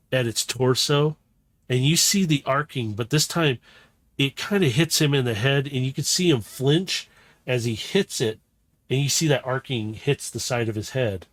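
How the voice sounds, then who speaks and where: A man narrating a tabletop role-playing game as game master, in slow, halting description with many fillers. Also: mid-range voice, a bit bright, no room sound.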